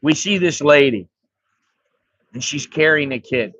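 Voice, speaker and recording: A man's voice: on the high side, a little slow, long pauses, fairly bright tone, slightly rough. An American man telling a rambling, profane story in a blunt, casual way as an expat vlogger. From United States. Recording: dry, slightly dull recording.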